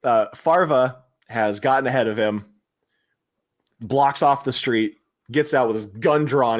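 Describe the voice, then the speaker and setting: A man hosting a podcast, retelling a movie scene by scene in casual chat and laughing often. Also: mid-range voice. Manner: animated retelling, puts on quick voices for quotes, laughs often. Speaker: podcast host.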